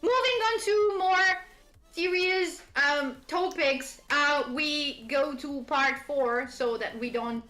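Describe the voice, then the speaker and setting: A woman with a high, bright voice talks in a casual lore chat, playful and quick to laugh. She keeps slipping into teasing impressions of characters. The sound is roomy, with faint music underneath. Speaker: streamer host.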